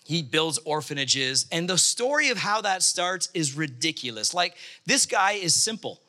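A man delivers a storytelling sermon with a fairly high, very bright and forceful voice. He is animated throughout and acts out the voices of the people in the story as he goes. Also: normal speed.

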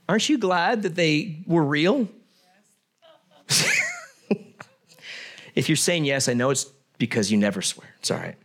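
A man's voice: a little high, animated, measured pace, long pauses, fairly bright tone. A middle-aged man preaching a sermon, reading scripture aloud and adding conversational, joking asides. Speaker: pastor.

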